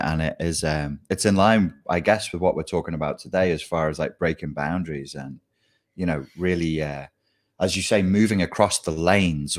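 A man talking in casual chat, polite and halting, often repeating words as he starts a thought. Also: sits low.

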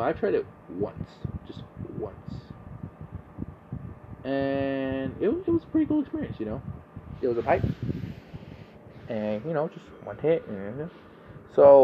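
A man's voice: mid-range voice, very animated, moderate pace, lo-fi sound, noisy background. A young man hosting a casual monologue podcast, laid-back and rambling, swearing freely. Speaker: podcast host.

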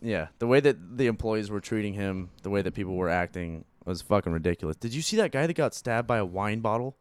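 Low-voiced joking podcast host, a man. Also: animated, fast talker, clear, resonant tone, no room sound. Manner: joking and crude, cuts in often. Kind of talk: casual podcast chat.

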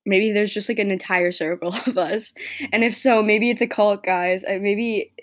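A teenage girl rants alone on her podcast, stumbling through her sentences, restarting them and trailing off. Her voice sits at an ordinary middle pitch for a young woman. She sounds openly emotional and unguarded throughout. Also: fairly even intonation, normal speed, a bit bright. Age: late teens. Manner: rambling, self-interrupting, emotional. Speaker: podcast host. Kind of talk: casual solo rant.

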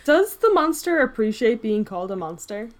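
A woman's voice: a little high, sing-song, normal speed. Woman co-host, casual chat, wry joking asides. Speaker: podcast co-host.

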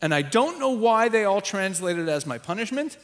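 A visiting rabbi with a high-pitched voice delivers a sermon at a normal speed. He teaches with lively emphasis, performing the voices of those he quotes.

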